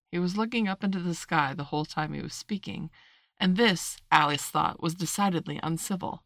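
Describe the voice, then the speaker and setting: A woman narrating a children's classic in an even, measured audiobook reading. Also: on the low side, no room sound, studio quality.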